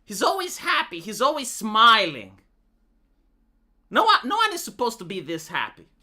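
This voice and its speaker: Man streaming, rambling sarcastic rant with a very bright voice. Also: high voice, huge pitch swings, normal speed. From Romania. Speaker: live streamer. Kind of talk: political rant.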